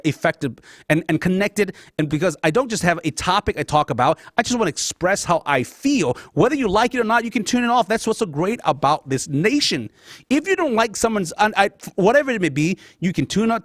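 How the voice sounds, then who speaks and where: A man's voice: high voice, dry recording, studio quality. A middle-aged man, born in Laos and a Lao speaker, hosting a talk show and giving a passionate, emotional personal monologue straight to his audience. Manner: passionate, addresses audience as guys.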